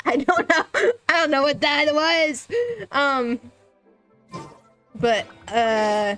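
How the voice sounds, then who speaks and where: A woman's voice: high-pitched, very slow, long pauses, fairly bright tone, faint music behind. Giggly soprano woman streaming a game. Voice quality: light soprano voice. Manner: chatty, giggly, lots of restarts. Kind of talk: casual livestream chat while gaming.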